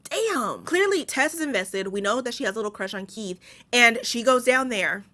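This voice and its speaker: A woman with a bright, forceful voice recaps a horror movie in a casual, unfiltered way. She talks bluntly and sarcastically, swears freely, and riffs on what she would have done. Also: a little high, animated, a little fast.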